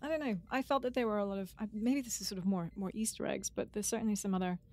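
A woman's voice: mid-range voice, fairly even intonation, quick pace, mellow. A woman co-hosting a podcast, chatting casually and rambling a little as she runs through points. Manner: chatty, rambling, repeats words. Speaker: podcast co-host.

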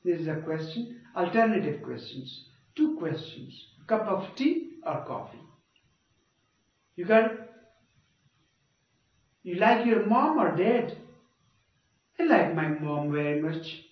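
A man's voice: high-pitched, big pitch swings, takes it slowly, long pauses. A male teacher giving a grammar lecture, repeating points and checking with "okay?" and "you got it?". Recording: dull, echoey, far from mic.

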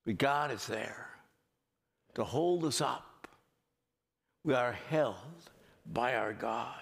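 A man delivering a sermon at an unhurried, deliberate pace, leaning into key phrases with earnest emphasis. His voice sits at an ordinary middle pitch. It rings out with a long reverb, as in a church sanctuary. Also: expressive, vocal fry, slightly rough. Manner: slow, earnest preaching with drawn-out emphatic phrases. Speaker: pastor.

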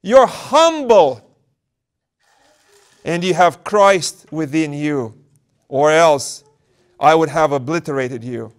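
Demon possessing a girl: high, loud, drawn-out and gloating, as a preacher puts it on. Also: lively intonation. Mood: indignant. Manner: slow, loud, gloating declarations. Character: boastful demon possessing a young girl, spiteful and proud.

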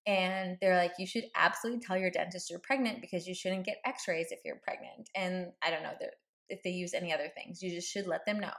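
A woman hosts her podcast and tells a personal story in a loose, chatty way, often breaking into laughter. Her voice sits a little low and has a gravelly, fry-tinged edge. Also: steady tone, brisk, a bit bright. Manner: chatty, laughs often, many likes and ums. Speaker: podcast host.

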